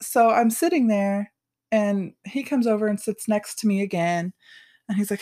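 A young woman co-hosts a casual podcast, recounting a night out with lots of swearing. She acts out each line of dialogue, her voice leaping high for the quotes. Her talk is lively and unfiltered. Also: normal speed. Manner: animated, profane, acts out quotes with big pitch jumps. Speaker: podcast co-host. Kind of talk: casual storytelling chat.

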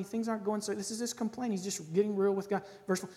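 A man with a high voice preaches in a church, his words trailing into a long hall reverb. He reads scripture dramatically, climbing louder and higher on the quotes. Then he drops back to quiet, chatty asides. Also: steady tone, fast talker, few pauses. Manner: dramatic scripture reading, rising loud and high on quotes, dropping soft for asides; conversational with occasional laughs and fillers. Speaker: pastor. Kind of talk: sermon.

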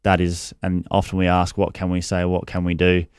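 Deep, smooth host. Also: male voice, monotone, normal speed, darkish tone, dry recording, clean studio sound. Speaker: interview host. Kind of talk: conversational interview.

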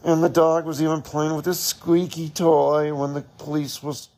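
A man's voice: a little high, flat delivery, normal speed, a little mellow. A man hosting a podcast, casually telling a story in a chatty way, laughing often and restarting his sentences. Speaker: podcast host.

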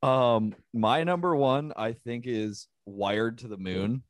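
A man's voice: medium pitch, slow, dry recording, studio quality. A man chatting casually on a podcast in a playful way, acting out silly quoted lines. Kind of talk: casual chat.

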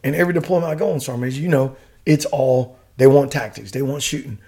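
Fast-talking, profane army veteran man. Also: mid-range voice, breathy edge. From United States. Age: middle-aged. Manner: profane, slangy, animated storyteller. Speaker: podcast guest, retired soldier. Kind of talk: casual storytelling.

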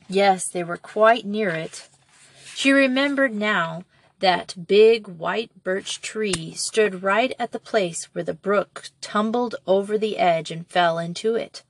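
A woman reading a children's novel aloud as an audiobook narrator, in a measured and expressive way. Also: mid-range voice, no room sound.

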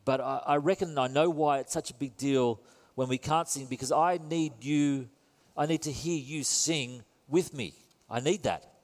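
A man preaching a sermon in a church, conversational and earnest, with self-deprecating asides. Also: on the high side. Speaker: pastor. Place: church building. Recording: long reverb in a church hall.

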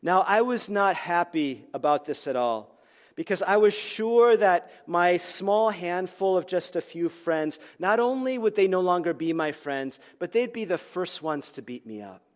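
A male pastor telling a personal story in a sermon, earnest and animated, acting out the quoted dialogue. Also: sits high, unhurried.

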